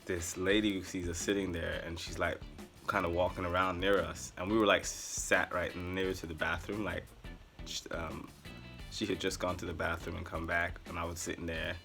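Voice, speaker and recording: Man, deep voice, bright edge, casual storytelling, rambling and sarcastic. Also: moderate pace, gravelly, faint music behind. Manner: animated, rambling, with sarcastic asides. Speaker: vlogger.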